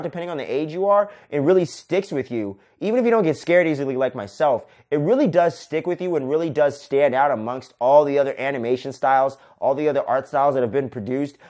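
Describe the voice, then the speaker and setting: Casual male podcast host, profane and gushing, average-pitched voice. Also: darkish tone. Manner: enthusiastic, profane, says "man" often. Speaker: podcast host, film reviewer. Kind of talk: casual solo movie review.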